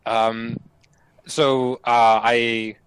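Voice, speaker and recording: Brief: male player, casual, halting delivery, middle pitch. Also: a bit bright, clean tone, no echo. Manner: hesitant, restarts often. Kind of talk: casual tabletop play.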